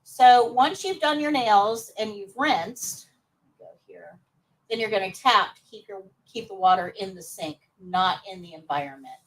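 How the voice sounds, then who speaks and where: A woman's voice: medium pitch, measured pace, distant mic, low-quality recording. A woman teaching nursing assistant students in a live class, upbeat and coaxing answers from them.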